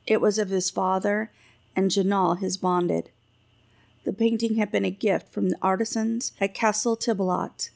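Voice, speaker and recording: Brief: woman narrator, measured audiobook reading, gravelly edge. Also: medium pitch, a little mellow. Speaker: author reading her own book.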